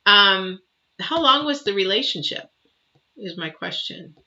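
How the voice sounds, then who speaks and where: A woman's voice: mid-range voice, expressive, measured pace, pushed and bright, a little hiss or hum. A woman giving a live tarot reading and answering viewers, emotive and chatty with many fillers and restarts. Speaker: tarot reader. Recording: dull lo-fi sound.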